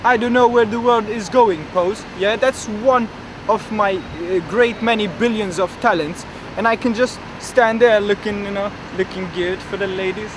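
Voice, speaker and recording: A man's voice: sits high, normal speed, lightly acted. A man playing a grandiose, dreamy young man with big ambitions, who rambles boastfully and fills his talk with hesitations in a comedic street interview. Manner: rambling, boastful, full of fillers. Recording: outdoor traffic noise.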